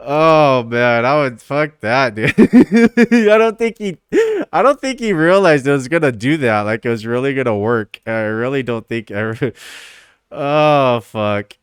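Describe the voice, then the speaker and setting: Laid-back streamer, slow and laughing. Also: male voice, medium pitch, expressive, clear, resonant tone, no echo, studio quality. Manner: laid-back, laughing often, swearing, loose and rambling. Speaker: streamer reacting to a clip. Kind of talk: casual live-stream commentary.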